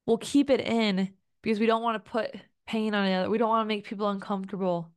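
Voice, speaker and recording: A young woman speaks on her own podcast in a mid-pitched voice, earnest and emotive. She rambles warmly through her thoughts, leaning on "like" as she goes. The sound is close and dry, with no room around it. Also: steady tone, fast, smooth, no room sound. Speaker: podcast host. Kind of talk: solo podcast monologue.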